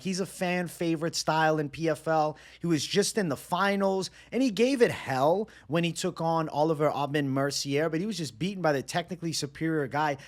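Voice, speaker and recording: A man with a fairly high voice talks through fight predictions on his own. His delivery is energetic and loose, full of slang and casual asides. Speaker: MMA betting analyst. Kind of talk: casual solo breakdown.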